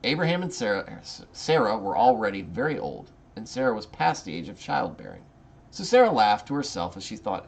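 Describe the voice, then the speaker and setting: A man's voice: medium pitch, very animated, fairly quick, gravelly. A man hosting a casual Bible study, reading scripture aloud and then commenting informally, often restarting his sentences.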